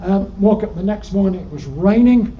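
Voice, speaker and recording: An older man with a Yorkshire accent spins dry, humorous anecdotes from his slides, pausing often on ums. His voice sits fairly high for a man but sounds mellow and dark. The recording is dull and lo-fi, with faint noise underneath. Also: expressive. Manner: rambling, dryly humorous, frequent ums. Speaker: guest speaker at alpine club. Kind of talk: anecdotal slide-show talk. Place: lecture room.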